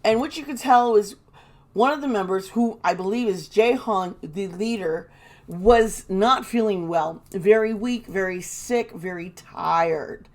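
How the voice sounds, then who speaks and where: Speaking at an unhurried pace in a mid-range, slightly mellow voice, this woman is a tarot reader and commentator. Her commentary is casual and indignant, full of swearing and mockery of those she quotes.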